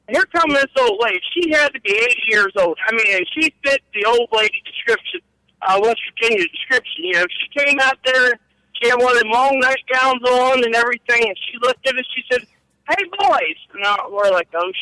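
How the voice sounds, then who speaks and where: A man's voice: very high voice, sharp tone, no echo, low-quality recording. A middle-aged man telling rambling, profane stories about his trucking days and laughing at his own tales. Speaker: guest storyteller. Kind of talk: casual storytelling.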